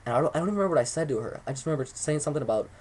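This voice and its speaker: A young man telling a rambling, excitable story to the camera, swearing often as he goes. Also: fairly high pitch, very fast. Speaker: vlogger.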